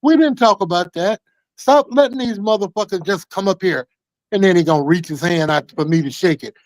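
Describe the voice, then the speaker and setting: A man's voice: sits high, fairly quick, dry recording, poor audio. A man on a call-in talk show telling a long story in a heated, profane, rambling way. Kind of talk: casual call-in chat.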